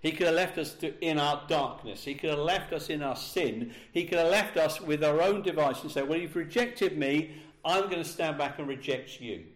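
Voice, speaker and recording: A man preaching a sermon, slowing down and leaning hard on the key words for emphasis. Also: fairly high pitch. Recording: roomy echo.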